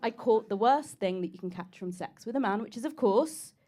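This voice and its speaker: A woman delivers a chatty stand-up set, teasing the crowd and mocking herself. Her voice sits high and swings widely in pitch. The live club recording carries clear audience noise behind her. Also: lively intonation, a little fast. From England. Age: 30s. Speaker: stand-up comedian. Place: comedy club.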